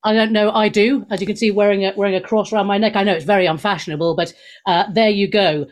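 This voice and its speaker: A woman hosts a radio talk show in a mid-range, steady voice, talking fast. Bubbly and cheeky, she laughs often and throws out jokes and saucy asides.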